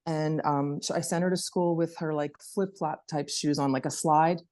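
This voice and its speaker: A middle-aged woman on a video call, telling a personal story in an animated way and acting out her child's words. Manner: animated storytelling, acts out her daughter in a high voice. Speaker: interview participant.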